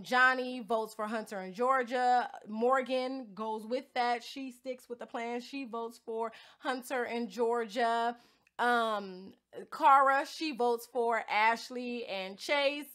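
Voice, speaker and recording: A young woman with a high voice recaps the week's drama in a loose, animated way, full of slang and quick laughs. Her tone is bright and a little sharp. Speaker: podcast host recapping a reality show. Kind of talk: casual storytelling recap.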